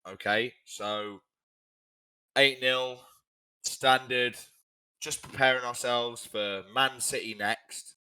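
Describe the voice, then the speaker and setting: A man's voice: medium pitch, fairly even intonation, slow pace, long pauses, bright, forceful tone, clear, resonant tone, no echo. A young man from England, co-hosting a casual football podcast in a blunt, rambling, sweary way. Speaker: podcast co-host.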